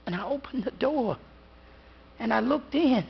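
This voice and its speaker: A woman storyteller telling a ghost story to a live audience in a slow, dramatic rhythm with long pauses. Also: a little high, animated, vocal fry, slight background noise. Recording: dull lo-fi live recording.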